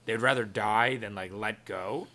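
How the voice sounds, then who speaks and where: A man's voice: lowish voice, a little slow, sharp tone. A man from New York co-hosting a podcast, joking and asking lots of questions. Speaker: podcast co-host. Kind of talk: casual chat.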